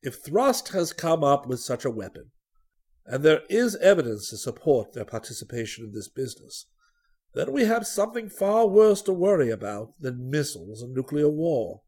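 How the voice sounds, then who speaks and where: A man reading aloud, voicing a worried older male spy chief with crisp, formal replies. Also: on the high side, big pitch swings, normal speed, darkish tone, voice pushed up, heavily acted. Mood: grave.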